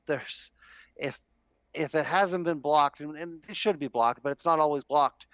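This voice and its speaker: Male co-host, mid pitch, smooth and relaxed, dry headset mic. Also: dry recording, low-quality recording. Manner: relaxed, explains with many uh fillers. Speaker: sports betting co-host. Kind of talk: casual sports talk.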